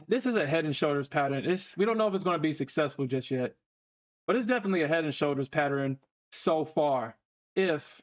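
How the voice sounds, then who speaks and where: Loose-talking man with a dull stream mic. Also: fairly high pitch. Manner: animated, swearing, laughing often. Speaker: trading stream host. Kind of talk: casual live-stream chat.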